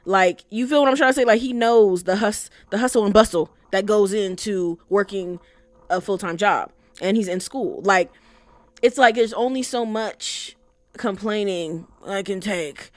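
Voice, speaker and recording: A woman's voice: mid-range voice, a little slow, no room sound. A young woman giving casual, opinionated commentary on an anime, slangy and swearing freely.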